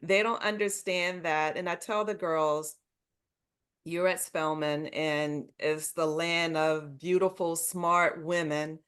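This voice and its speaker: A middle-aged woman with a fairly low speaking voice shares her own experiences as a podcast guest. She is animated and emphatic and often laughs as she tells them. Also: slow pace, clean tone. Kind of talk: conversational interview storytelling.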